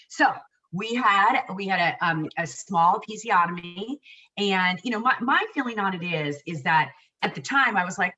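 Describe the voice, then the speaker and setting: Woman, 40s, casual chat, emotional, rambling, bright voice, slightly distant mic. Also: mid-range voice, animated, fairly quick. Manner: warm, emotional, rambling with restarts. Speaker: co-host sharing her birth story.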